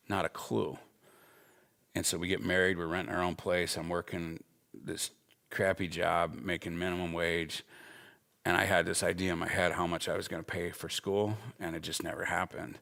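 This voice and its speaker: Man, 40s, Bible school instructor: low gravelly voice, earnest and emphatic, conversational storytelling. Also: fairly bright tone. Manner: earnest, emphatic, with personal stories. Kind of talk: conversational teaching talk.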